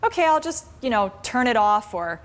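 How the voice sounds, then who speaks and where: A woman voicing an impatient townsperson who wants problems out of the way, in a brisk, dismissive tone. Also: on the high side, big pitch swings, voice pushed up. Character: impatient everyday townsperson, wanting problems gone.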